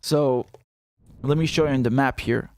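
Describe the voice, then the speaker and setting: A man's voice: medium pitch, fairly even intonation, moderate pace, darkish tone, no echo, studio quality. A man hosting a casual livestream, talking loosely, laughing often and breaking into Arabic phrases. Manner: chatty, laughs often, mixes Arabic and English. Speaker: show host.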